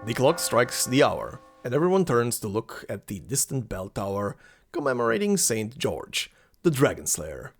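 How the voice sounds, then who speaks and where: A man's voice: mid-range voice, big pitch swings, moderate pace, faint music behind. A man hosting a let's play, reading game text aloud and reacting with amusement. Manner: amused, laughs at the game often.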